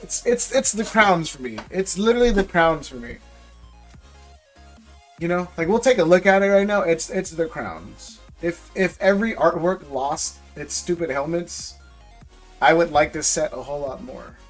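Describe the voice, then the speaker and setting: A man's voice: on the high side, expressive, normal speed, soft background music. A young man hosting a casual livestream, rambling and ranting, often repeating his words. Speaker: live stream host opening card packs.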